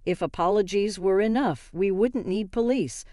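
A woman's voice: medium pitch, moderate pace, no room sound, studio quality, lightly acted. A woman voicing a stern, imposing grown man who speaks sharply and gives orders. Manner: sharp, commanding.

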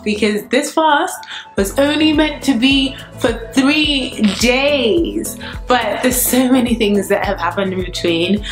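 Slightly breathless chatty woman vlogging. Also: mid-range voice. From Nigeria. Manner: chatty and excitable. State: a bit out of breath. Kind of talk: casual vlog to camera. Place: her apartment. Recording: roomy echo with faint music.

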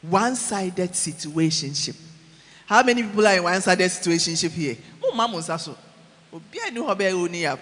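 A man preaching a sermon in a church, animated, mixing English with Twi, swinging from shouts to low asides. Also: normal speed, in a large hall.

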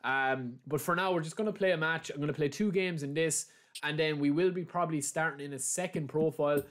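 A young man hosting a gaming channel, talking casually through a live match and breaking into loud, excited shouts. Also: fairly high pitch, fairly quick. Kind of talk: live gameplay commentary. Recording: steady background noise.

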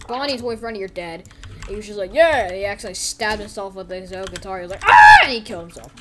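A woman giving excited, giggly commentary on gameplay as host of her own video, breaking into silly character voices. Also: medium pitch, fast, crowd noise.

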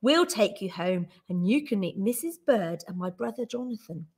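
A teacher voicing a kindly young girl in a picture book, gentle and friendly. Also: mid-range voice, animated, moderate pace, breathy edge, voice pushed down.

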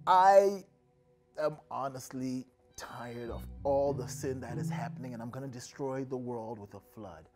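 Woman voicing a hushed, weary God for a children's story, lowered voice, slow and grave. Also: over music. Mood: weary, solemn. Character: God, weary stern deity.

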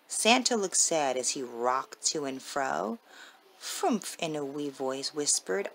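A mother reading a rhyming children's picture book aloud in a slow, sing-song manner. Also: sits low, expressive, gravelly, poor audio.

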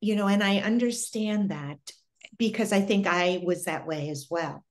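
A middle-aged woman speaking as an interview guest, telling a personal story in an earnest, reflective way with pauses and restarts. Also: mid-range voice.

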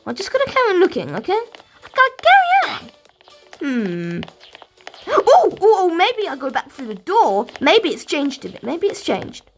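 British woman gaming YouTuber; high, bouncy delivery, rambling and excitable, faint music under her. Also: moderate pace. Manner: excitable, rambling, talks to viewers. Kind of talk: let's play commentary.

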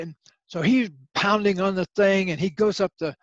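A man's voice: high-pitched, normal speed, dry recording, lo-fi sound. An older man, a guest author, telling stories in a podcast interview and acting out the voices in his anecdotes. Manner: animated storyteller, acts out voices in anecdotes.

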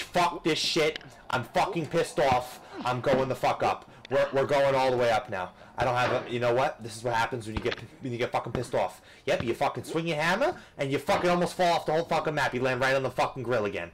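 A man giving profane, frustrated commentary over a game, ranting and cursing, swinging between yelling and muttering. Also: mid-range voice, quick pace, hardly any pauses. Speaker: gaming youtuber.

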